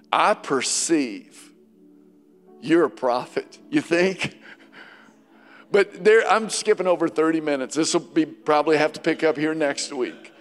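A man preaching a sermon as pastor, passionate, swinging between loud declarations and hushed quotes from scripture. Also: on the high side. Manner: passionate preaching, voice rising and dropping, quoting scripture dramatically. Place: church sanctuary. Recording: church hall with long reverb and faint music.

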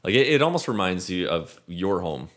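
A man with a fairly low voice acts as game master for a tabletop game. He narrates the scene in a relaxed, unhurried way, with frequent small restarts. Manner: relaxed, halting descriptions with repeated words.

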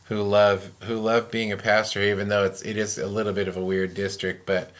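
A man with a fairly low voice talks casually as a pastor on a podcast. He is animated, acts out the voices of people he quotes, and breaks into laughter often. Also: a little fast. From Pacific Northwest US.

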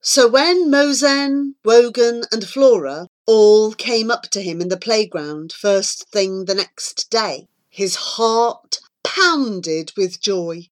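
A woman reading a children's novel aloud as narrator with expressive, measured storybook narration. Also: medium pitch. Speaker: audiobook reader.

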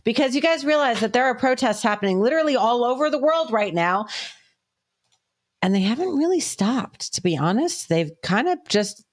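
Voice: medium pitch, animated, normal speed. A podcast co-host talking casually about protests and asking for a clip to be played. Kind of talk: casual chat.

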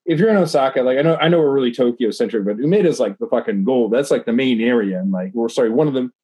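A tipsy podcast co-host reads news stories aloud, rambling, swearing and restarting repeatedly in casual, profane banter. He talks fast in a medium-pitched, dark, slightly rough voice, and the recording is dry.

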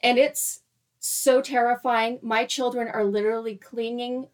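A woman in her thirties, animated, laughing often as she tells a story in casual chat and acts out her own quoted lines. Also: on the high side, unhurried. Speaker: guest storyteller.

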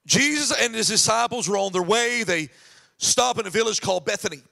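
A man preaching a sermon as pastor, animated, acting out the voices of people in the scripture story. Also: sits high, a little fast, gravelly.

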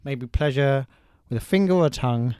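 A man co-hosting a podcast who rambles through crude jokes in a deadpan way. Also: medium pitch, brisk, clean tone, no room sound, studio quality. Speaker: podcast co-host. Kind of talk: casual chat.

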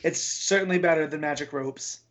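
A man co-hosting a casual comic book podcast, opinionated and wry, with halting restarts. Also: a little high, a bit bright. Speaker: podcast co-host.

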